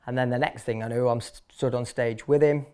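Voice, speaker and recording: Speaking fairly quickly in a steady, medium-pitched voice that is clean and darkish, a Manchester barber in his thirties tells his story as an interview guest. The shop owner has a Manchester accent and comes across blunt and chatty, often restarting and using fillers.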